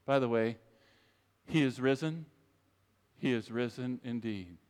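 Speaking directly to his congregation, a pastor delivers an emphatic, repetitive sermon. His medium-pitched voice is a little slow and a little mellow, ringing with the long reverb of a large church sanctuary.

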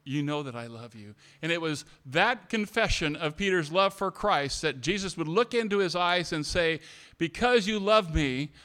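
Man, pastor, sermon, emphatic and repetitive, calls for amens, clear resonant voice. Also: a little high. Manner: repeats phrases, swings from hushed to loud emphatic preaching.

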